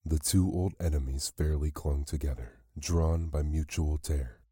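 A man reading a classic short story aloud as a bedtime storyteller, calm and measured. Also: very deep voice, husky, no room sound, studio quality.

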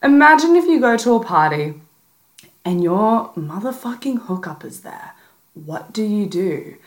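A woman's voice: mid-range voice, big pitch swings, unhurried. A young woman hosting a casual advice podcast, talking bluntly and playfully, with plenty of swearing and sass. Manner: blunt, sassy, profane, playful. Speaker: podcast host.

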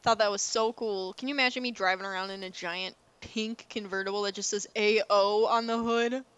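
A young woman co-hosting a podcast in casual chat, excitable and quick to laugh. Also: medium pitch, clear, resonant tone, no echo. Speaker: podcast co-host.

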